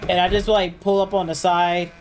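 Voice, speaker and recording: A man's voice: high-pitched, flat delivery, normal speed, soft background music, low-quality recording. A man streaming live gameplay commentary, ranting and swearing constantly, with loose, filler-heavy speech full of restarts. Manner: profane, ranting, complaining. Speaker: gaming streamer.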